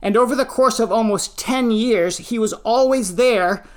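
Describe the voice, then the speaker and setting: A pastor giving a sermon, reading scripture and teaching with deliberate, emphatic phrasing. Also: mid-range voice.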